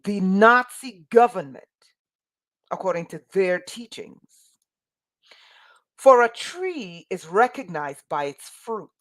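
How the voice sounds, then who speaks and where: A woman's voice: mid-range voice, big pitch swings, slow, pauses often, fairly bright tone. A woman giving an online Bible lesson, passionate and emphatic, asking many rhetorical questions. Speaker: teacher of a spiritual school.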